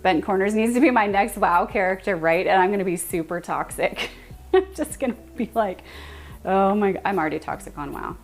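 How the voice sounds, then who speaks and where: A young American woman chatting casually with her viewers on a live stream, animated and quick to laugh. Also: mid-range voice, soft background music.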